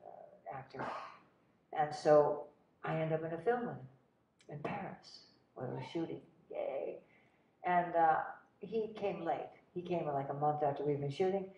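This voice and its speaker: An older actress telling animated stories about her career in a casual interview. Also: sits low. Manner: animated, breathless anecdotes with laughs. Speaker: guest actress. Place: cinema. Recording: roomy, distant, dull sound.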